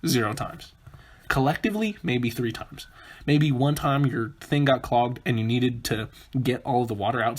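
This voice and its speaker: A man hosting a comedic solo podcast, with a husky, breathy voice at a middle pitch. He rambles from one joke to the next and keeps interrupting himself. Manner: rambling, self-interrupting, jokey. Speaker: podcast host.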